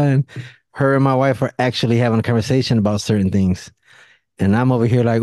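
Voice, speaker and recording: A man hosting a podcast in casual chat, a lively storyteller who acts out what others said in a higher voice, with a relaxed, drawling way of talking. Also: fast talker, no echo. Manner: animated storyteller acting out quotes in a higher voice; relaxed, drawling, says don't and nothing. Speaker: podcast host.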